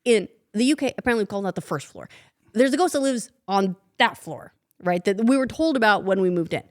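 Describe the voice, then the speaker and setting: A woman with an American accent co-hosting a podcast, chatting quickly and playfully. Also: medium pitch, lively intonation. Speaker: podcast co-host. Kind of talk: casual chat.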